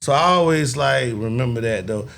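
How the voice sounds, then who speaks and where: A man's voice: moderate pace, creaky. A middle-aged man telling a story in a casual chat, acting out other people's voices now and then. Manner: animated storyteller, acts out voices in a high falsetto. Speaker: podcast co-host.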